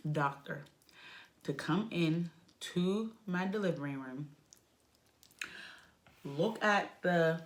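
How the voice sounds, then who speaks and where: A young woman chats through a personal story, her slightly low voice jumping up when she gets worked up. She talks casually and emotionally, like she is telling it to friends. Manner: animated, emotional retelling with lively pitch swings. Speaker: vlogger telling a birth story.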